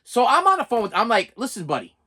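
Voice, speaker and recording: A bright-voiced man rants through a storytime vlog, his pitch swinging widely as he repeats himself. He is exasperated and keeps checking in with "okay?" between his points. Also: sing-song, fast talker. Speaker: vlogger. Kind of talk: storytime rant.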